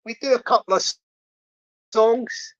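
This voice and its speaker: Woman, slightly high voice, rambling chat host who hums songs; muffled lo-fi sound. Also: measured pace. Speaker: livestream host. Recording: dull lo-fi audio.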